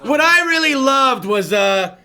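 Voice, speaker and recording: A man hosting a casual late-night talk show, loud and profane, swinging between yelling and muttering. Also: very high-pitched, lively intonation, a little slow, crowd noise. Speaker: host.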